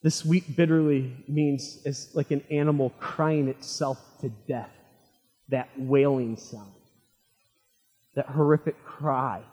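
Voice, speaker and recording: A man preaching a sermon, retelling a story dramatically and swinging from loud, fervent lines to hushed ones. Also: mid-range voice, fairly even intonation, slow pace, breathy edge. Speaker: pastor. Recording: long hall reverb.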